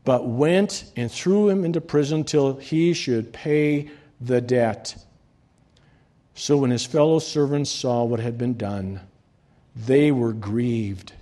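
Animated preaching man, warm voice. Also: medium pitch. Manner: animated preaching, swings between loud rises and quiet drops. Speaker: pastor. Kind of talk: sermon.

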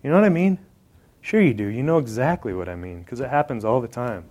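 A man's voice: medium pitch, animated, fast talker, a little mellow. A man preaching a sermon, joking and talking straight to the congregation in an indoor hall. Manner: conversational and joking, addressing the congregation directly.

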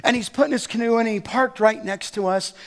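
High-voiced man preaching emphatically. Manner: emphatic preaching, slowing for scripture and rising to near-shouts. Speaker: pastor. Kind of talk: sermon.

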